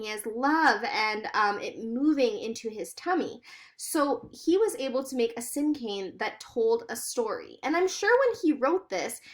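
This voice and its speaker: Woman teacher walking kids thru a lesson, slightly high voice, clear and encouraging. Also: fairly bright tone. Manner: clear, encouraging, explains step by step. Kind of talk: recorded classroom lesson.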